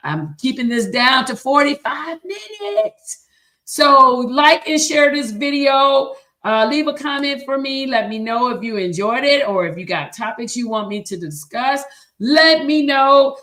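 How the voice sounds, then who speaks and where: A woman's voice: fairly high pitch, a bit bright. A woman choir director hosting a live stream, teaching in an earnest, preacherly way with a slight Southern American accent. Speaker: choir director and show host. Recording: roomy echo.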